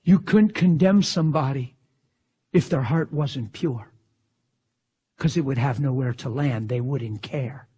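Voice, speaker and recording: A male preacher delivering a fervent sermon in a husky voice, swinging from exclamations down to hushed whispers. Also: medium pitch, a little slow, long pauses.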